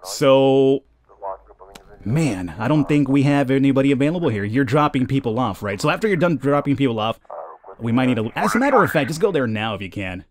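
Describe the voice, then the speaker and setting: Young male let's-play host, lively chatty commentary, middle pitch. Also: brisk. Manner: chatty, laughs at callers, talks to units. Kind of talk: casual gameplay commentary.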